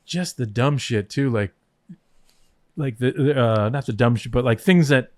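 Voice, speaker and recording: A man's voice: medium pitch, unhurried. A man chatting casually on a podcast, telling backstage stories with lots of swearing and acted-out quotes. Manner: animated, profane, acts out quotes mid-story. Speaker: former head writer of a wrestling show, podcast guest. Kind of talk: casual storytelling chat.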